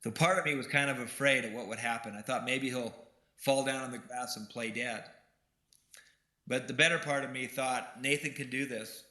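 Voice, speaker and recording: Bright-voiced man telling a story in a roomy hall. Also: medium pitch, moderate pace. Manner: earnest, personal storytelling. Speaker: keynote speaker. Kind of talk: storytelling keynote speech.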